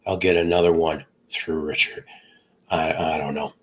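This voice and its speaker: A man's voice: extremely low pitch, steady tone, moderate pace, slight background noise, poor audio. A middle-aged man who hosts a live stream, sounds congested from illness, and rambles with jokes as he greets viewers by name. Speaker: livestream host. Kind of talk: casual live chat with viewers.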